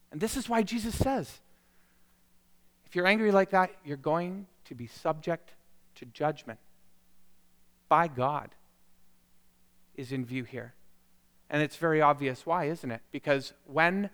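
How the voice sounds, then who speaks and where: A man preaching a sermon, moving from quiet reflection to impassioned emphasis. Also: on the high side, clean tone. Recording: long hall reverb.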